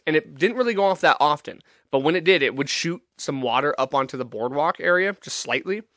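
Lively, ranting podcast host man. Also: on the high side, no room sound, clean studio sound. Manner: profane, ranting, sarcastic. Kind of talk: casual comedic monologue.

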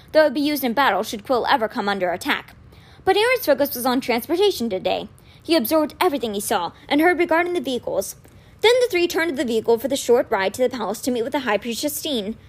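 A woman reading a children's novel aloud with expressive storytelling. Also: high voice. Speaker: reader.

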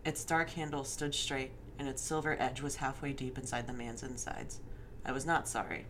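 A woman's voice: a bass voice, fairly even intonation, normal speed, fairly bright tone, slight background noise. A woman reading a fan story aloud, with joking asides between passages. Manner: reads aloud steadily, slipping into laughter and swearing at the text.

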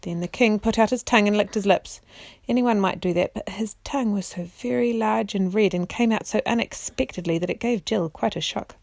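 Woman reading a bedtime chapter book to her kids, gentle and unhurried, a bit of gravel in her voice, dry close sound. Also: mid-range voice, no echo. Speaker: parent reading aloud. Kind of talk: storybook reading aloud.

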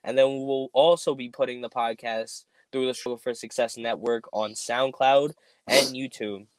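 Male podcast host, casual and rambling, mid-pitched, dry recording. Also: fairly even intonation, moderate pace, no room sound. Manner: rambling, many ums.

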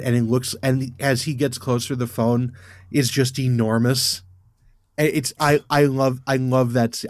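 A man's voice: medium pitch, no echo. Eager, stammering man on a dry mic. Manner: eager, stumbling restarts when excited. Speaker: podcast co-host. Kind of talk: casual chat recapping a TV episode.

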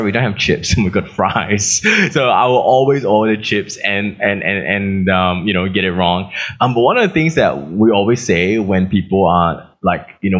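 A young Australian man with a slightly Americanised accent preaching, telling stories in an animated way and laughing at his own jokes. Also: low voice, highs cut off. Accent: Australian, with some American. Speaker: pastor. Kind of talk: sermon.

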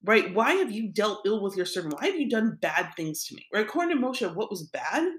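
A woman's voice: medium pitch, sing-song, a little fast. A woman teaching a scripture lesson in a casual, conversational way, retelling the text in everyday speech. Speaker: Torah teacher.

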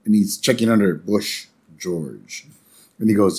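A man's voice: on the low side, a little slow, darkish tone. A man co-hosting a podcast, casually recapping a cartoon episode and playfully acting out the characters' lines. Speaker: podcast co-host.

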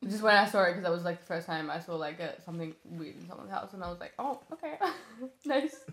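A woman's voice: lowish voice, rapid-fire. A woman hosting a casual podcast chat, telling stories with lots of swearing and laughter. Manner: animated storyteller, swears freely, laughs often. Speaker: podcast host. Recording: echoey room.

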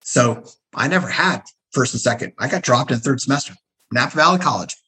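A man's voice: medium pitch, fairly quick, poor audio. A middle-aged man speaks as an interview guest, telling his stories casually. His voice rises and falls a lot as he acts out what other people said. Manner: animated, acts out quoted people. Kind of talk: casual storytelling.

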